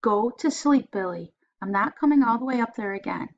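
A woman's voice: fairly high pitch, expressive, fairly quick, dull audio, a little hiss or hum. A woman voicing a patient but tired mother who calls out firmly to settle her son. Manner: firm, calling out to soothe.

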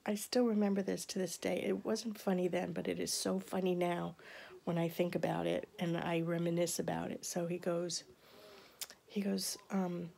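A woman in her fifties telling a family story in casual chat, laughing often and slipping into soft, half-whispered asides. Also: lowish voice, little pitch movement, moderate pace, creaky. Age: 50s. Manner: chatty, laughs often while reminiscing. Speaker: vlogger.

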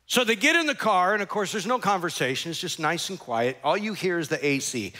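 A man's voice: high-pitched, expressive, a little fast, bright, forceful tone. A male pastor preaching a sermon, telling a story animatedly and acting out characters and sound effects.

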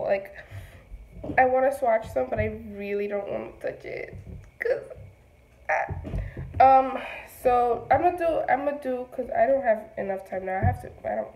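A woman unboxing on a casual vlog, gushing and excitable, trailing off with fillers. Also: fairly high pitch, moderate pace, gravelly, pauses often, reverberant, a little hiss or hum, rough recording. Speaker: beauty vlogger.

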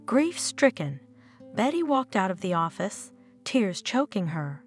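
A woman narrating an audio story in a steady, expressive reading. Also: mid-range voice, measured pace, faint music behind.

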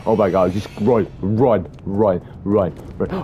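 A man's voice: on the low side, moderate pace, few pauses, darkish tone, slight background noise. A young man commentating a horror game, talking to himself, swearing and panicking at scares. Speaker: gamer playing a horror game. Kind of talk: let's-play commentary.

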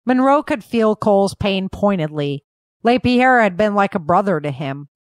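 Brief: woman author narrating her fiction, measured, dry close sound. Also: medium pitch, no room sound. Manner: even, measured reading. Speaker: author and host. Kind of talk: scripted audiobook narration.

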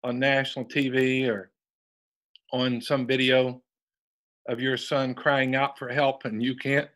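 A man co-hosts a talk show and reads out viewer comments, taking his time with frequent pauses and fillers. His pitch sits in the middle range. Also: flat delivery, fairly bright tone. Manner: slow, measured, with fillers.

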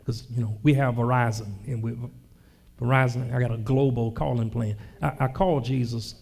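A male pastor preaching a sermon, reading scripture slowly and dramatically with comic asides. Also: medium pitch, fairly even intonation, creaky, darkish tone.

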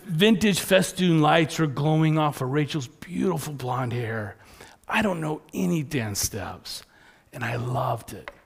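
A man preaching a sermon as pastor in a church, telling lively personal stories. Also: on the high side, gravelly, husky. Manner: animated storytelling.

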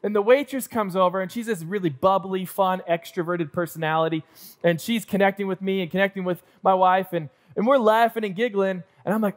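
A high-voiced young man preaching to his church, spinning a self-deprecating story with lively, acted-out moments. He plays up his own nerves for laughs. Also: brisk. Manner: self-deprecating, animated storyteller acting out scenes. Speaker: pastor. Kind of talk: sermon storytelling. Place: church auditorium.

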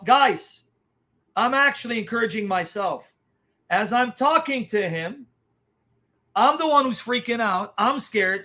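A man telling a dramatic testimony as an evangelist, acting out what people did and said. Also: high-pitched. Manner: animated, dramatic, acts out reactions. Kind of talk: testimony storytelling.

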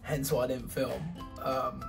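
A man's voice: mid-range voice, completely flat delivery, a little slow, creaky, faint music behind. A young man with an English accent, chatting casually to camera in a joking travel vlog. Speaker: vlogger.

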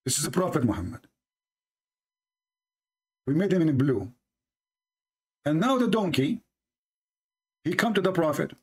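Man, sarcastic debate host, mocking tone, slightly high voice. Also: very animated, breathy edge. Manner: sarcastic, reads texts aloud slowly, mimics opponents in a high voice. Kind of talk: mocking religious debate commentary.

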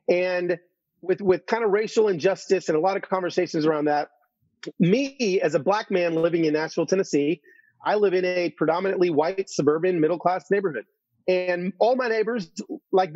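Earnest high-voiced man telling a story. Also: no echo, muffled recording. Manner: earnest, animated storyteller with repeated restarts. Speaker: guest. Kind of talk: storytelling interview.

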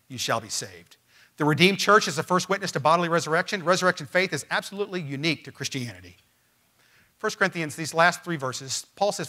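A man preaching a sermon as pastor, emphatic and swinging from loud, rising lines to quiet ones. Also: a little high. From Missouri. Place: church.

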